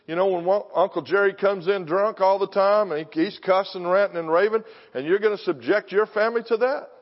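Brief: older male preacher, fairly high voice, punchy sermon delivery, long hall reverb. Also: fairly quick, highs cut off. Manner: punchy, alliterative, confrontational preaching. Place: church sanctuary.

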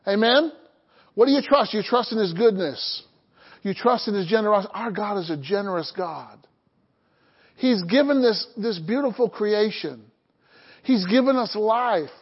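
A man's voice: high voice, lively intonation, moderate pace, husky, highs cut off. A man preaching a sermon as pastor, calling out to the congregation and prompting them to answer back. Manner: call-and-response preaching, asks the congregation to answer.

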